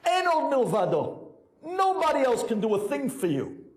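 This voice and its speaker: A man's voice: a little high, lively intonation, moderate pace, mellow, close to an everyday voice. A man voicing an elderly rabbi who questions emphatically and earnestly. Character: elderly male rabbi, warm and insistent.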